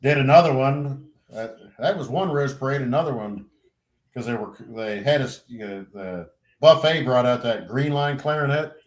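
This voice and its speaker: A middle-aged man, a member of a podcast crew, shares service stories in easygoing chat, his voice medium-pitched and his pace moderate. Animated and profane, he acts out others' remarks, rambling with lots of restarts and "you know."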